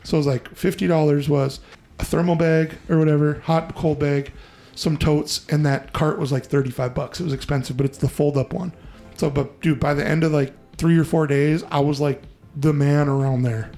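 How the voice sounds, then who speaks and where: A man hosting a podcast, telling a story in a casual, profane, animated way and acting out the voices he quotes. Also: on the high side, normal speed, soft background music. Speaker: podcast host.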